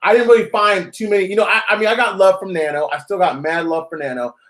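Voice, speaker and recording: A man hosting a live stream, chatting casually and talking straight to his viewers in lively slang. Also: high voice, fast talker, roomy sound. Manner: animated, slangy, addresses viewers directly. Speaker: host of a live-streamed channel.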